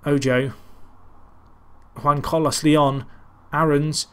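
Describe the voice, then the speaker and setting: A man's voice: on the high side, unhurried. Man rambling over a football game. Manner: rambling, self-deprecating, calls the match like a commentator. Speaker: gaming commentator. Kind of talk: casual Let's Play commentary.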